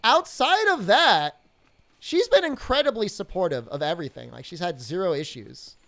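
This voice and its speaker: A woman with a lowish voice chats casually while streaming a video game, speaking at a moderate pace. She's lively and jokey, reading and answering her chat out loud.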